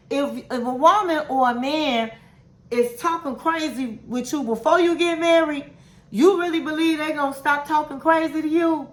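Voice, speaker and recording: A woman's voice: high-pitched, a bit bright. A woman hosting a casual reality TV recap, giving candid, sassy opinions and calling her viewers honey and girl. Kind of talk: casual commentary. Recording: roomy echo.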